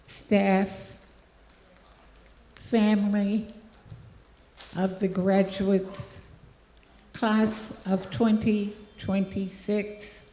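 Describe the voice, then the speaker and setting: An older woman speaks very slowly and deliberately as an honored guest, gracious in tone. Her voice carries through a roomy hall with a long, lingering reverb. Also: mid-range voice, flat delivery, mellow. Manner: very slow, deliberate, gracious delivery. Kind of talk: formal ceremony speech. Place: large hall.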